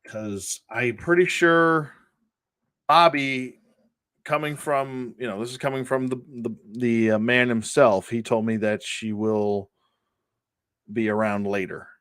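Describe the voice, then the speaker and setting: A man's voice: medium pitch, fairly even intonation, slow, fairly bright tone, clean tone. A middle-aged man from the Buffalo area hosting a casual toy-collecting livestream, rambling, laughing often and greeting viewers by name. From Buffalo, New York area.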